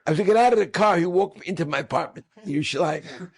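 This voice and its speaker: Man, middle-aged, storytelling, husky, animated, acts out quoted speakers. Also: high-pitched, quick pace. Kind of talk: storytelling talk.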